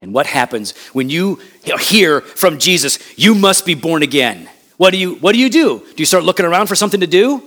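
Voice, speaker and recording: A man preaching a sermon, impassioned and conversational, with loud emphatic peaks and quick asides. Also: high voice, animated. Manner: conversational asides and acted quotes. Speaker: pastor.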